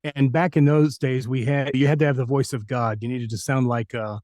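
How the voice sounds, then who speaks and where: A middle-aged man, a voice actor, telling stories from his career in a casual interview, animated and sometimes slipping into impressions. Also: medium pitch, normal speed, no room sound. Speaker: voice actor guest.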